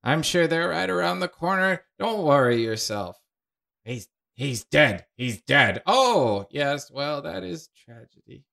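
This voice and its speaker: A cheerful, nosy woman's ghost chatters away in a high, bouncing voice. She gushes over everyone she meets, as a man puts her on. The tone is bright and forceful. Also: animated, measured pace, vocal fry, full character voice. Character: chirpy chatty female ghost picnicker.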